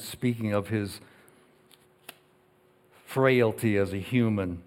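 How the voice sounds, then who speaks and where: A man preaching a sermon as pastor. He talks earnestly, swings between loud emphasis and quiet asides, and reads scripture slowly. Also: medium pitch.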